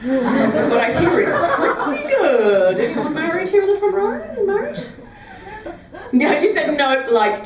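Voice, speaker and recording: A woman's voice: big pitch swings, normal speed, muffled recording, a crowd in the background. Giggly woman comic in an echoey club. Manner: chatty, giggly, acts out fake phone calls in a low murmur. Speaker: stand-up comedian. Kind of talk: stand-up comedy set. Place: comedy club stage before a live audience. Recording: roomy club sound, heard from some distance.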